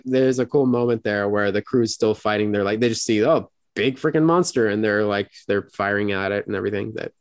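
A man co-hosting a podcast, recapping an episode in a rambling casual way and acting out quoted lines in high voices. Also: no room sound, studio quality. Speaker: podcast co-host.

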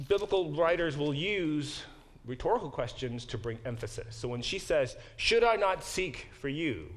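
Guy teaching a church bible class, kinda high voice, talks casual, keeps checking w the class. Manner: conversational, asks the class questions, many restarts.

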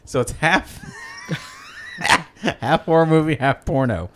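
A man riffing in casual comedic banter with friends, animated and joking. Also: on the high side, takes it slowly, a little hiss or hum. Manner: animated, joking, loud bursts of laughter.

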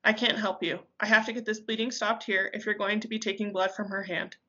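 A woman voicing a calm, methodical male doctor, reading a story aloud. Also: medium pitch, a little fast, lo-fi sound, natural voice. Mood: urgent. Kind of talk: amateur audiobook reading.

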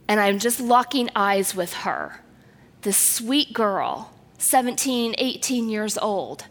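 A woman's voice: medium pitch, slow pace, big-room sound. A woman giving a sermon, telling a personal story in an earnest way and dropping to near-whispers at tender moments.

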